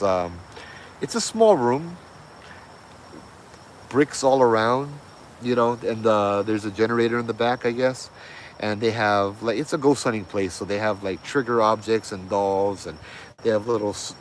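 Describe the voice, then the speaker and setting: A man casually retelling a ghost hunting story, loose and animated, full of slang and fillers. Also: fairly low pitch, a little hiss or hum. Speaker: host telling a ghost story.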